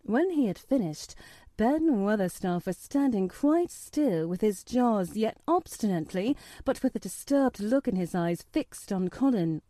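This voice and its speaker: A woman narrating an audiobook in a gentle, measured storytelling manner. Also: medium pitch, expressive, dry recording. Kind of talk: audiobook reading.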